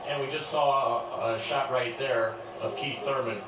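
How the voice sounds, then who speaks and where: A man working as a ringside interviewer, asking brisk, professional questions after a fight. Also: mid-range voice, fairly even intonation, background noise. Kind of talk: broadcast post-fight interview.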